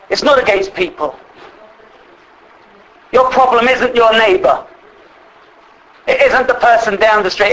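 A man preaching a sermon, earnestly slowing down to stress the scripture he reads. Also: high-pitched, a bit bright, poor audio.

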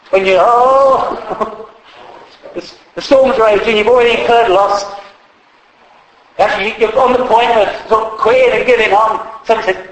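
A man's voice: high voice, normal speed, pauses often, a little hiss or hum. A man preaching a sermon in a humorous, conversational way, acting out quotes along the way. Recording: echoey hall.

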